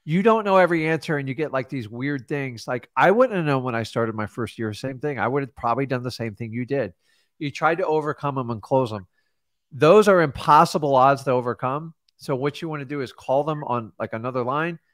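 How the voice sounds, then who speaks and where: A man coaching in casual talk, telling animated stories and acting out what people said. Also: mid-range voice, fairly quick, dry recording, clean studio sound. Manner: animated storyteller acting out quotes. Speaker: real estate coach. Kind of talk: casual mentoring advice.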